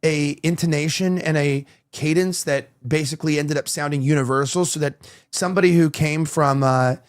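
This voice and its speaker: A man's voice: on the high side, fairly even intonation, normal speed. Rambling, profane talk-show host man. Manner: rambling, heavy on "like" and restarts, profane. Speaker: podcast host. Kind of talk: casual talk-show banter.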